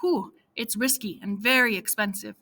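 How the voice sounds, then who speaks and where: A woman's voice: medium pitch, sharp tone, close to an everyday voice. A woman doing a wary middle-aged man. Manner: wary, measured. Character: cautious middle-aged man planning escape. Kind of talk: audiobook reading.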